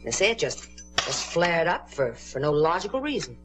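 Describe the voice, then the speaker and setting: An actress playing a nagging middle-aged aunt in a 1950s television drama, falsely sweet and needling. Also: female voice, deep voice, very animated, normal speed, over music.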